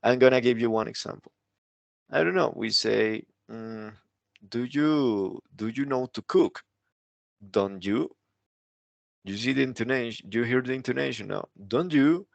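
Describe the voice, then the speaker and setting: A man's voice: mid-range voice, creaky, no room sound. A man teaching an English grammar lesson, explaining step by step and often checking in with the listener. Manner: explanatory, keeps checking with "right?".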